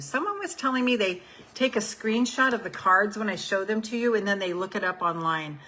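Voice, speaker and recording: A life coach in her seventies chats casually on a group call, reading out affirmation cards. She's frank, swears freely and repeats phrases for emphasis. Her mid-range voice is expressive, bright and forceful, a little fast, and the audio quality is poor.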